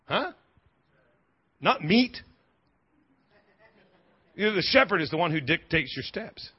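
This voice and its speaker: A fairly high, husky male voice preaching with big swings in pitch. He jokes and riffs, repeating words as he builds each point. The sermon recording is dry and a bit dull. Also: no echo. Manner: animated, humorous preaching with quick asides and repeated words. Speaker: pastor.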